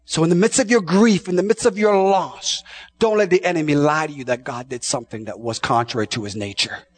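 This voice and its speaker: Husky, impassioned male preacher. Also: fairly high pitch, a little fast. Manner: impassioned, swings from shouting to hushed; repeats words and phrases. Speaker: pastor. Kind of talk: sermon.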